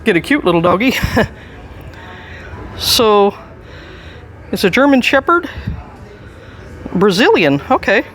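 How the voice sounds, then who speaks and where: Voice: medium pitch, sing-song, slow pace, pauses often, a bit bright. Chatty, chuckling antiques mall tour guide. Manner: chatty, enthusiastic, chuckles often. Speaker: antiques mall staff giving a walking tour. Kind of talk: casual walkthrough tour. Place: indoors in a large antiques mall.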